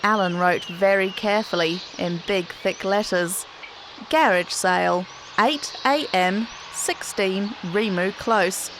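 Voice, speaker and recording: A woman's voice: mid-range voice, slow. New woman reading a children's story. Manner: expressive, clear storyteller pacing. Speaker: children's podcast host. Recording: noticeable background noise.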